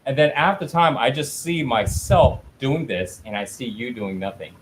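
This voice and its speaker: A man hosting a casual chat while stretching, animated and acting out the voices he quotes. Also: medium pitch, moderate pace, background noise. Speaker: host.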